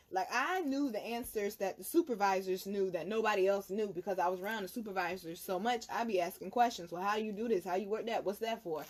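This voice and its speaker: A woman host telling a personal story in a blunt, animated, profane way. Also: mid-range voice. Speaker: tarot reader and channel host. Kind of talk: casual storytelling.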